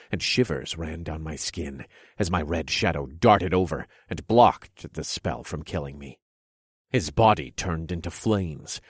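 A man narrates a dark fantasy story in the first person with steady drama. His voice sits very low and husky. The recording is dry and close. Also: no echo.

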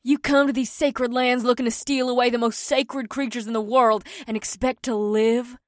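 A man's voice: very high voice, flat delivery, normal speed, no room sound, studio quality, pitched above the performer's own voice. A man putting on a fierce snarling warrior woman. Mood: defiant. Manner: snarling, defiant.

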